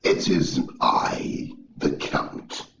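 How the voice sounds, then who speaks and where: A man voicing a seductive male vampire count who drawls slowly and savors his words. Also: fairly bright tone. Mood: sultry. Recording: echoey lo-fi recording.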